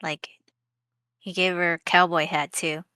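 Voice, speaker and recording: A woman's voice: on the low side, flat delivery, a little slow, clean tone, dry recording. A woman co-hosting a live drawing stream, chatting and giggling casually. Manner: chatty, giggly, warm sign-off. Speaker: co-host of an art stream. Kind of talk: casual chat while drawing.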